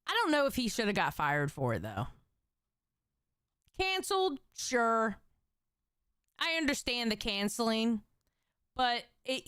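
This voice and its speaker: A woman's voice: medium pitch, fairly bright tone, clear, resonant tone, no room sound, clean studio sound. A young adult woman from Southern California, hosting a reaction stream in blunt, profane, jokey commentary.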